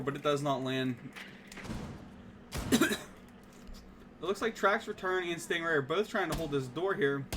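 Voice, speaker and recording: A man casting a live esports match with rapid play-by-play and bursts of excitement on big plays. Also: fairly high pitch, noisy background. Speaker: esports caster.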